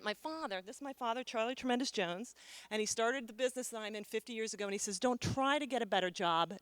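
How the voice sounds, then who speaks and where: A woman's voice: a little high, no room sound. Upbeat joking woman speaker, dry sound. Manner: lively, joking, emphatic. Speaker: keynote speaker. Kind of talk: motivational talk. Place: conference stage.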